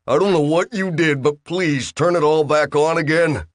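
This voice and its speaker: Jumpy young hero with a shrill, pleading voice, put on by a man; dry recording. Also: moderate pace, dry recording, close to an everyday voice. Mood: anxious. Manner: high, anxious, pleading.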